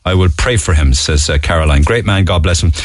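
Cork radio host guy, lowish voice, dry close studio sound, easygoing. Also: a little fast, no room sound. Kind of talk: radio phone-in and reading listener emails.

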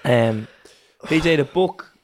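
A man's voice: on the high side, expressive, slow, a little hiss or hum. A man co-hosting a podcast, asking questions in a tentative, polite way. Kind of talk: casual interview questions.

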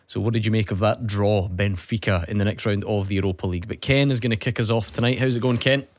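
A man hosting a sports radio phone-in, brisk and teasing with callers. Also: lowish voice, steady tone, dry recording. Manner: brisk, teasing, tongue-in-cheek.

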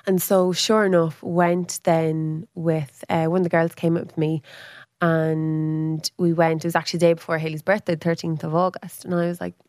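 A woman in an easy, chatty storytelling manner. Her voice sits on the lower side, recorded close and dry. She acts out quoted speech, leaping up in pitch for other people's lines. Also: flat delivery, normal speed, darkish tone, dry recording. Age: 30s. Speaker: podcast guest. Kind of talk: casual storytelling.

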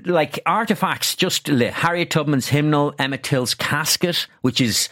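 A man, a travel journalist chatting on radio, telling lively stories with lots of restarts and asides. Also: a little high, a little slow. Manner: enthusiastic storyteller, chatty with many restarts. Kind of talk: casual radio chat.

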